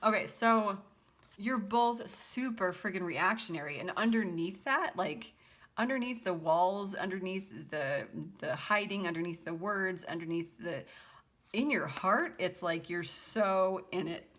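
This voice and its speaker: A tarot reader gives her viewers a casual reading, chatty and giggly, often breaking into fits of laughter. Her mid-range voice is a bit bright and a little slow, and she reads song lyrics aloud in a half-sung lilt.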